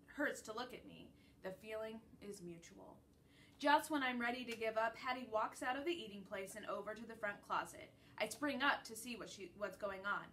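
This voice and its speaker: A woman teacher gently reading a children's book chapter aloud to her class. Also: fairly high pitch. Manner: gentle, storytelling read-aloud. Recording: distant mic with faint background noise.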